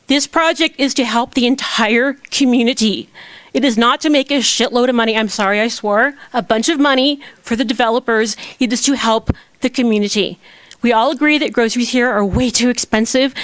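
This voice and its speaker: A woman makes a passionate public comment from the podium of a town council chamber. Her voice sits fairly high and sounds dry and close, and she drives her argument with pointed rhetorical questions. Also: a bit bright, no echo. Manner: impassioned, emphatic rhetorical questions.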